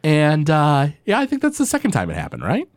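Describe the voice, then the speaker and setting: Animated man in casual chat. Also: fairly high pitch, no room sound, studio quality. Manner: animated, many fillers, jumps into quick character impressions. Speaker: podcast co-host recapping an episode.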